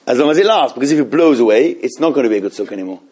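A man's voice: mid-range voice, animated, rapid-fire, darkish tone, husky. A man teaching a live class on Jewish law to a room of students, often restarting his sentences and putting questions to the listeners. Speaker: Torah teacher.

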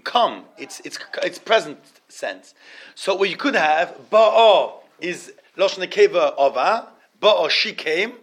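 Halting, high-voiced man teaching Torah. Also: sing-song, husky. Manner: halting, repeats words, asks the class questions; mixes Hebrew terms into English. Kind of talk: informal Torah class.

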